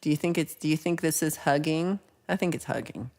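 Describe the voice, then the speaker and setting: A woman's voice: low voice, a little fast, darkish tone. A woman hosting a casual livestream, chatting, teasing and laughing as she reads viewer comments. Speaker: livestream host.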